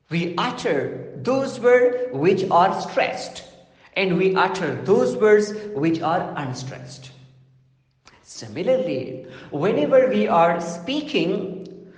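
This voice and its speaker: Guy teaching a lesson, lively up and down pitch, lots of lists, roomy echo. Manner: slow, deliberate, repetitive phrasing with lists. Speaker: lecturer. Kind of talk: classroom lecture on phonology. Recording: echoey room with long reverb.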